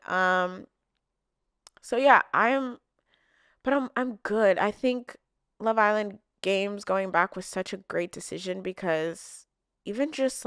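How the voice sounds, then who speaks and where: A young woman talks straight to her viewers in a loose, heartfelt way, full of "like" and "you know." Her voice is smooth and clear. The sound is close and dry, with no room around it. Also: medium pitch, no room sound. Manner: chatty, emotional, lots of likes and fillers. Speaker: vlogger answering viewer questions. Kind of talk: casual heartfelt chat to camera.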